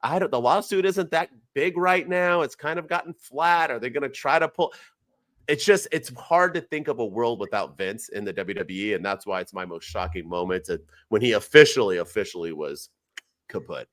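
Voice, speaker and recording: A man in his forties co-hosting a wrestling podcast, chatting casually and getting emphatic and excited as a fan. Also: medium pitch, normal speed, dry recording, studio quality. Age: 40s. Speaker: podcast co-host. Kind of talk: casual chat.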